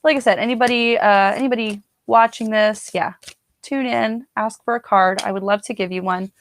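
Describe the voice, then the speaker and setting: A woman's voice: a little high, steady tone, normal speed. A woman doing a casual live-stream oracle card reading from home. She talks in a chatty, rambling way straight to her viewers.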